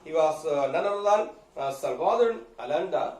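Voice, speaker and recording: A male teacher giving a school lecture, halting with many fillers and repeated okays. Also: fairly high pitch, lively intonation, darkish tone. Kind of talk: classroom lecture. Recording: echoey room, mic far off.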